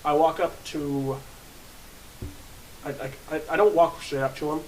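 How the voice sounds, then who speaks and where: A man's voice: a little high, steady tone, measured pace, a little mellow, a little hiss or hum, poor audio. Bluffing man playing a tabletop game. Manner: bold, bluffing, hesitant starts. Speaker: player.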